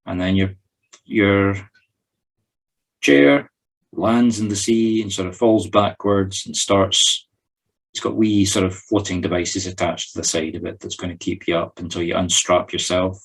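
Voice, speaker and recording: Scottish man, spiritual medium, calm guided meditation with a light touch of humour, deep husky voice. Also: unhurried, poor audio.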